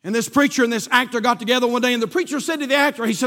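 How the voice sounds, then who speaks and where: A male pastor preaching a sermon with passion, swelling and then dropping to quiet emphasis, in a church sanctuary. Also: extremely high pitch, rapid-fire, few pauses. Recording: long reverb of a church hall.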